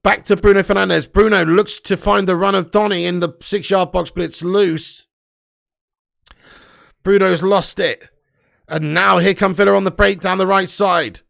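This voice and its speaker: High, gravelly-voiced fan ranting. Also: male voice, fairly even intonation, normal speed, fairly bright tone. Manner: swearing, ranting, exasperated. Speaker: fan watch-along host. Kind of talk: live match watch-along commentary.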